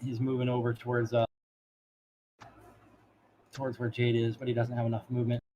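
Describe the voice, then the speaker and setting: A man's voice: mid-range voice, completely flat delivery, a little fast, mellow, dull audio. A man narrating a tabletop game as dungeon master, rambling with laughing asides.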